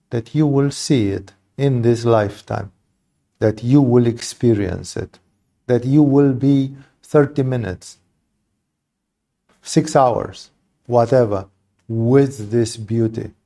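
Spiritual teacher, male, mellow warm tone, impassioned and blunt, swears, rhetorical asides. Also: mid-range voice. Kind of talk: satsang talk on poetry.

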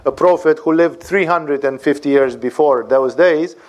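A man giving an animated lecture on scripture, often asking rhetorical questions and checking for agreement. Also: fairly high pitch, normal speed. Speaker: spiritual teacher.

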